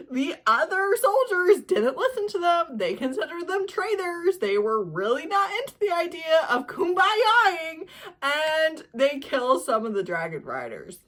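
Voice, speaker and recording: A woman's voice: high-pitched, very animated, moderate pace, fairly bright tone. A young woman talking casually as a book reviewer, ranting with sarcasm and laughing often. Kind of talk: casual reading vlog.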